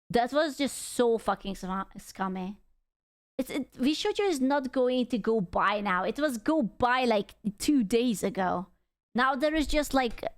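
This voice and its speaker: A woman streamer giving casual reaction commentary, ranting in a heated, profane way because she is upset. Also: fairly high pitch. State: angry and upset.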